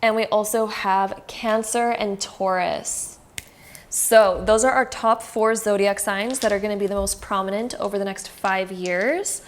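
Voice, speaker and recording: A woman's voice: mid-range voice, steady tone, measured pace, slight background noise. Chatty woman giving a tarot reading. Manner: chatty, reassuring, with frequent fillers like "um" and "like". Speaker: tarot card reader. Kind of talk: casual tarot reading to camera.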